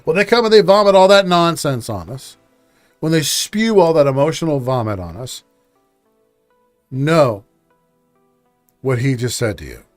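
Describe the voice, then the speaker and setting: Man, streamer, fairly high voice, loud, rapid-fire, emotional rants, faint music. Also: very animated. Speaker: streamer, host. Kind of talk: live-stream reaction commentary.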